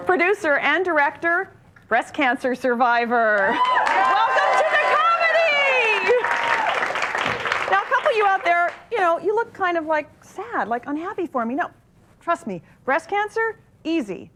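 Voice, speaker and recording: High-voiced woman doing stand-up. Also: big pitch swings, a little slow, a loud crowd, very noisy. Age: 40s. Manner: punchy, wry joke delivery. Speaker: stand-up comedian. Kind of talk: stand-up comedy routine.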